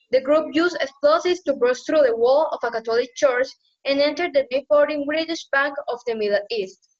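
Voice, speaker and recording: Teen girl with a high voice reading her school report, kinda muffled sound. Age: teens. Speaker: student presenter. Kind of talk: reading a prepared school presentation.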